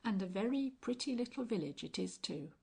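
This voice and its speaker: A woman's voice: medium pitch, animated, fairly quick, creaky, a little mellow, breathy edge, voice pushed up, heavily acted. A woman voicing a shabby, cheeky male tramp in an audiobook, slangy and familiar. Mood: cheeky banter.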